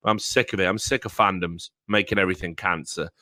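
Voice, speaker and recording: Bright, forceful man ranting bluntly. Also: low voice, fairly even intonation, fast. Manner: blunt, emphatic, stammers into rants. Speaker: podcast host. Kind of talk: casual profane podcast rant. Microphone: remote call mic.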